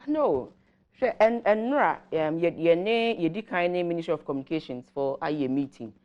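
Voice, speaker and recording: Ghanaian woman, lowish voice, measured policy explainer on a morning show, switches Twi and English. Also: lively intonation, lo-fi sound. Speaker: government guest commentator.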